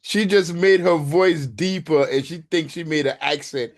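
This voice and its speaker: Slow-talking man teasing on a video call. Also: on the high side. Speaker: course participant. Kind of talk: casual joking banter.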